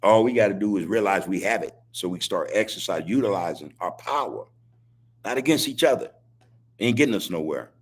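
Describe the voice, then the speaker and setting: A man talks to his live chat in a podcast monologue, repeating lines and preaching in casual street slang. His voice sits low and has a husky grain to it. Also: expressive, a little fast. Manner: preachy, repetitive street talk, laughs as he speaks. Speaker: podcast host.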